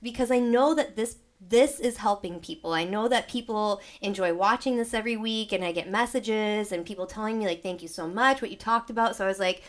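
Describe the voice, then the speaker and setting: A young woman hosts a live sound healing session from her home studio, talking casually to her viewers. She rambles in a loose, chatty way and acts out her own past thoughts as she tells a story. She still sounds a little worn down after being sick. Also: on the high side. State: recovering from illness, tired. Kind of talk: casual chat to a live audience.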